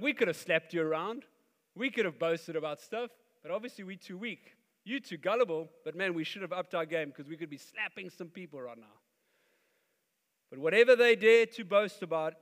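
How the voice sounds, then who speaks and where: A man preaching a sermon as pastor, animated and acting out the voices he quotes. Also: high-pitched. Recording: long hall reverb.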